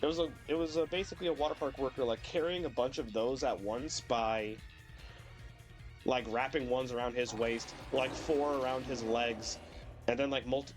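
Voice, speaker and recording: A young man streaming a video game while sick, rambling casually with lots of fillers and the odd swear, his voice cracking at times. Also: medium pitch. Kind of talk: casual gameplay commentary.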